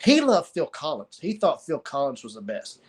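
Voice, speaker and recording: A middle-aged man with a somewhat high voice tells a personal story of loss. He speaks haltingly, pausing often and starting phrases over. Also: huge pitch swings, husky. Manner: halting, pauses and repeats words. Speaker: guest sharing a story of loss.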